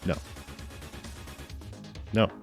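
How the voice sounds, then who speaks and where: A man's voice: extremely slow, faint music behind. A man streaming a game live, chatting with viewers in playful, mock-offended banter with stammering restarts.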